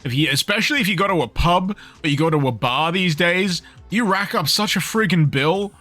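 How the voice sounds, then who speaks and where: Male streamer, bright and slightly high voice, jokey, a bit tipsy, faint game music. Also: expressive, fairly quick. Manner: jokey, laughs often, chats with viewers. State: a little tipsy from beer. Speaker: gaming streamer. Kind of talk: casual livestream commentary.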